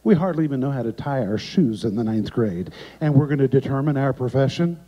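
A man preaching as a guest by video and telling a story dramatically, swinging from emphatic lines down to hushed ones. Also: medium pitch, expressive, fairly quick. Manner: dramatic, emphatic, with sharp drops to quiet. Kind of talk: sermon storytelling. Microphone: remote video recording. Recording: echoey, dull lo-fi sound.

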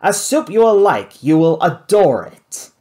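Man playing a theatrical, excitable chef; grand, indignant, lively pitch. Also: measured pace. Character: flamboyant excitable male ship's chef, theatrical.

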